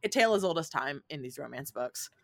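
A woman's voice: deep voice, lively intonation, quick pace, creaky. A woman co-hosting a podcast in casual chat, telling a story with many fillers and laughs.

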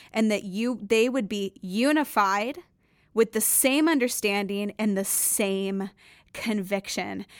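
A woman at a middle pitch leads a devotional podcast, reading scripture aloud and then unpacking it. She talks in an earnest, conversational way and leans hard on key words. Her voice sounds dry and close, with no room around it. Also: smooth, no echo. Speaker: podcast host. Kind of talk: devotional Bible reading and teaching.

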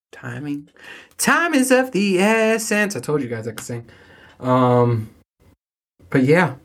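A young adult man telling rambling, profane stories in a casual monologue to his listeners, with exasperated asides. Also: medium pitch. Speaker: solo podcast host.

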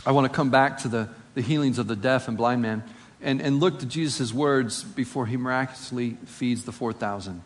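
A man's voice: medium pitch, fairly quick. A man preaching a sermon. He reads scripture aloud, then explains it conversationally and asks rhetorical questions. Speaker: pastor. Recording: long reverb of a large hall.

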